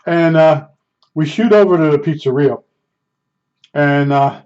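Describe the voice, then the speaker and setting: A man with a somewhat high voice tells his stories casually, rambling and chuckling at himself. The sound is dull and lo-fi. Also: measured pace, darkish tone. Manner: rambling, chuckling, self-deprecating. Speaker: storyteller. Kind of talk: casual storytelling. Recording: dull lo-fi recording.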